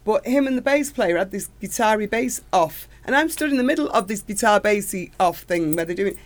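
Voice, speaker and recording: Excitable middle-aged lady gushing away in an interview. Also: medium pitch, a little fast. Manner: gushing, enthusiastic storytelling. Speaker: singer, interview guest. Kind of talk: casual interview chat.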